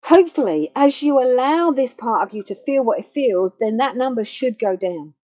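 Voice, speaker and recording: Soft-spoken gentle woman counsellor, muffled mic. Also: fairly high pitch, expressive. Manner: gentle, slow and reassuring, softening to a near hush. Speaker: grief counsellor. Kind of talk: guided self-help talk. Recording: dull lo-fi faulty microphone.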